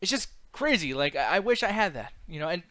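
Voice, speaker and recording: A man's voice: high-pitched, big pitch swings, fairly quick, crowd noise. A young man co-hosting a casual podcast chat, teasing and laughing often. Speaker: podcast co-host.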